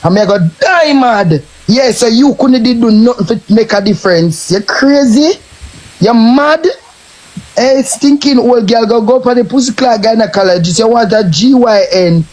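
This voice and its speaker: A man's voice: very high-pitched, moderate pace, few pauses, a little mellow, poor audio. A man with a Jamaican accent, ranting and taunting in a cursing live stream tirade.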